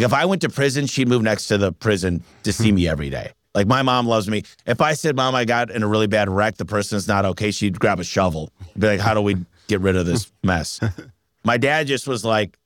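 A man with a lowish voice tells stories as a business owner being interviewed. He is energetic and animated, slipping into the voices of the people he quotes. The sound is close and dry. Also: dry recording. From Michigan. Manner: energetic, animated storyteller who acts out quotes. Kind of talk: casual storytelling interview.

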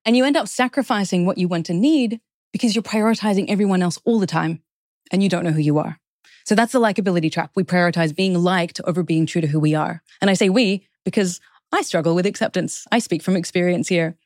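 A woman's voice: lowish voice, fast talker, darkish tone, dry recording. Woman, interview guest, earnest, explains step by step, dry close sound. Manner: earnest, explanatory, lists points in steps. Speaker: guest author. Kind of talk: interview conversation.

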